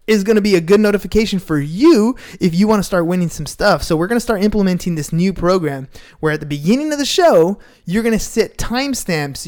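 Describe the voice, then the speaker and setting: Male podcast host, energetic sponsor-read delivery, quite high pitch. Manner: upbeat salesy pitch.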